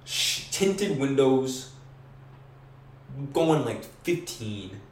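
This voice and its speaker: Far from the mic in an echoey room with faint hiss, a young man podcast guest drags out his words in a mid-range voice. His wild story is casual, slangy and full of swearing, "bro" and "like," and he excitedly performs the voices and screams involved.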